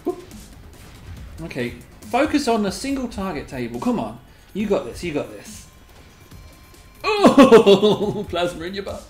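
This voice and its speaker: A host giving live gameplay commentary, excitable and giggly, squealing a high catchphrase, then muttering quietly to themself. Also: slow pace, pauses often. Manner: mutters quietly to self between bursts. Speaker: gaming video host. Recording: roomy echo, faint game music behind.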